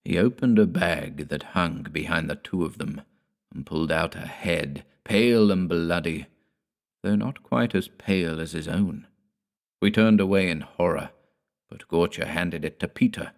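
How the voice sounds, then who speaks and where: A man narrating a classic horror tale in a measured, quiet storytelling manner. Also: sits low. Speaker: audiobook narrator.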